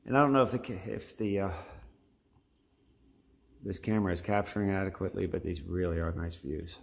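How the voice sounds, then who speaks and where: A man's voice: deep voice, a little fast, creaky. A middle-aged man, a home builder, giving a folksy, enthusiastic walkthrough tour of a house and pointing things out as he goes. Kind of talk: casual walkthrough narration.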